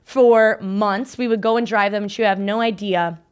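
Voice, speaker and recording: A woman's voice: mid-range voice, steady tone, moderate pace, clear, resonant tone. A young woman hosting a casual podcast chat, telling stories in a chatty way, full of "like". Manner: chatty storytelling, frequent filler "like". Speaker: podcast host.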